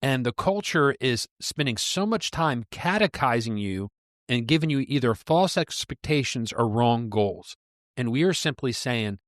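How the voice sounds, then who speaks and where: An earnest man co-hosting a faith podcast, speaking in a preacherly manner at an average pitch. His voice is close and dry, with no room sound around it. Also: lively intonation, a little slow, no room sound. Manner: earnest, preacherly, reads scripture aloud. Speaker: podcast co-host. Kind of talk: casual Christian podcast discussion.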